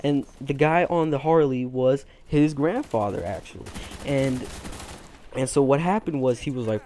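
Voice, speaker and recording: A man's voice: mid-range voice, fairly quick, dark tone, slight background noise. A teenage man hosting a gaming channel, telling a long rambling story full of fillers and restarts over his gameplay.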